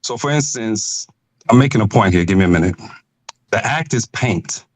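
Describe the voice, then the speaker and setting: Man calling in, preachy and slow, keeps saying give me a minute. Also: on the low side, expressive, dry recording, poor audio. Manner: slow, lecturing, stalls for time. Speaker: caller. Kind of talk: preaching argument on a call.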